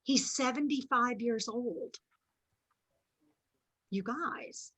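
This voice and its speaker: Bright, high-voiced woman giving a chatty pep talk. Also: a little slow, rough recording. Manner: chatty and earnest, with frequent asides and restarts. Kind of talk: faith-based motivational talk.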